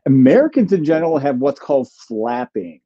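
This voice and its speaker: A guest linguist author answers viewer questions during a livestream, thoughtful and explanatory, with many ums and restarts. His medium-pitched voice is sing-song, fairly quick, and slightly rough, and the recording is muffled.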